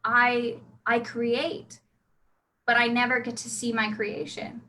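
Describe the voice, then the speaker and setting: Woman as a sorrowful female lava spirit, lamenting, bright voice. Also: fairly high pitch, monotone, slow pace, distant mic.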